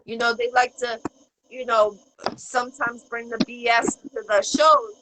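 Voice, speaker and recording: A woman's voice: on the high side, little pitch movement, unhurried, noisy background. A woman hosting an interview show, chatting in a rambling, upbeat way with lots of fillers. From Boston area, USA. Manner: rambling, upbeat, full of shout-outs and fillers. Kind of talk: casual interview chat.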